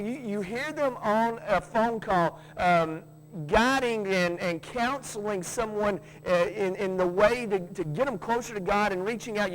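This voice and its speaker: A man's voice: high-pitched, a little hiss or hum, low-quality recording. A man preaching a sermon, folksy, with joking asides and frequent restarts. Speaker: pastor.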